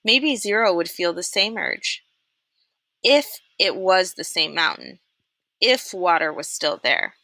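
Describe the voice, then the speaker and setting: A young adult woman reading a children's novel aloud, expressive and animated, putting on character voices. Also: lowish voice, takes it slowly, creaky, no echo. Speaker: storyteller reading a chapter book aloud.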